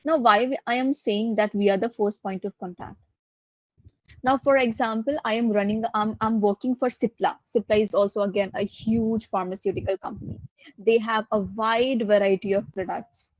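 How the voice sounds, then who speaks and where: A woman's voice: medium pitch, steady tone, moderate pace, dry recording. A woman with an Indian English accent giving an online course lecture, explaining things step by step and repeating her key points. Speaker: guest lecturer. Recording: dull lo-fi dry audio.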